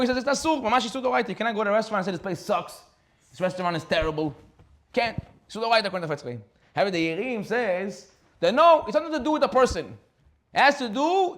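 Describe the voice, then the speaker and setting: A rabbi preaching in a lively sermon, a man with a high voice for his sex. He talks quickly, fires off rhetorical questions and laughs often as he tells stories.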